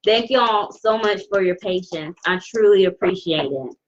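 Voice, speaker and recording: A woman giving a live tarot reading, talking slowly with many restarts as she holds back tears. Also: mid-range voice, lo-fi sound, a little hiss or hum. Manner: warm, emotional, halting with many restarts. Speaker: tarot reader. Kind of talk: live-stream card reading.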